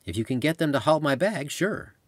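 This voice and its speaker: A man's voice: a little high, animated, fairly quick, breathy edge, no room sound, pitched above the performer's own voice. A man reading a memoir aloud, voicing a friend as a dry, amused travel buddy. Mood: agreeable. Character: wry male travel buddy, dry humour.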